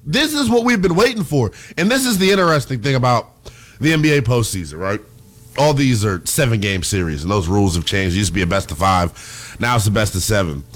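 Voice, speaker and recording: A man hosting a sports talk program, talking in a lively, chatty way. He gets excitable and animated, riffing casually between points. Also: lowish voice, fairly quick. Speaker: sports show host. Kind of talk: sports talk show commentary.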